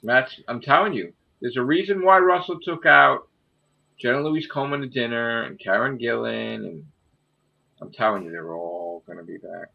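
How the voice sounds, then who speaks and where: A man co-hosting a fan chat show, cursing freely and speaking bluntly with plenty of energy. His voice sits at an ordinary pitch. The recording is dull and muffled. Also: moderate pace, vocal fry. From Italian heritage. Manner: profane, blunt and animated. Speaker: podcast co-host. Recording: muffled lo-fi audio.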